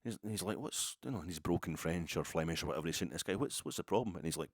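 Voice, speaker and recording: Man, very low voice, dry close sound, rambling chatty monologue. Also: rapid-fire, slightly rough, dry recording. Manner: digressive, chatty storytelling with many restarts. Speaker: football podcast host.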